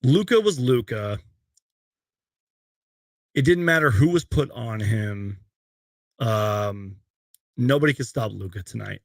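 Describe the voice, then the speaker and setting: A young man hosting a live post-game fan stream from his bedroom, excitable on highlights and rambling in between. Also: takes it slowly, vocal fry, pauses often, no room sound, studio quality. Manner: excitable, loud outbursts on highlights, then rambling. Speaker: sports fan show host. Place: bedroom at home.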